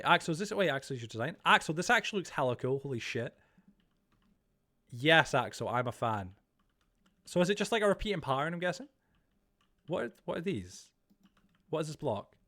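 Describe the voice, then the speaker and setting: A man's voice: a little high, fairly bright tone. A young man streaming live, chatting casually, swearing freely and reacting to viewer chat he reads aloud.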